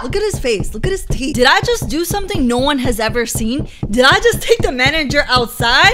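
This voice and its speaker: A young woman commentating on her own gameplay, excitable and talking back to the characters on screen, sometimes bursting into shouts. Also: sits high, brisk, hardly any pauses. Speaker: gaming YouTuber. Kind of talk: let's-play commentary. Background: game music.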